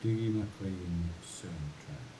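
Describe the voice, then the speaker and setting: A man with a low voice speaks slowly while hosting a livestream from his home in the mountains, chatting casually and thinking out loud between songs. The mic is distant in a roomy space, with faint hiss.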